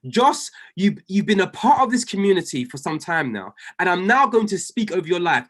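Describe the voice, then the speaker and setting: A man's voice: sits high, sing-song, normal speed, few pauses, a bit bright. A man coaching a group of traders on a video call. He speaks with fervent conviction, repeats key lines for emphasis, and calls people by name. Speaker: trading coach.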